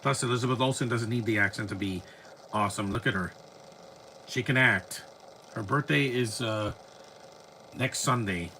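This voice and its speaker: A man's voice: fairly low pitch, moderate pace, pauses often, pushed and bright, slight background noise. A man giving casual, rambling live commentary while watching a movie. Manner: rambling, chatty, frequent restarts.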